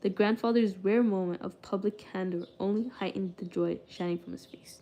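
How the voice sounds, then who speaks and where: A young woman streamer reads a book aloud, stumbling and restarting often, then drifts into loose chat with viewers full of "like" and "I don't know." Her voice is warm and medium-pitched, with fairly even intonation at a normal speed.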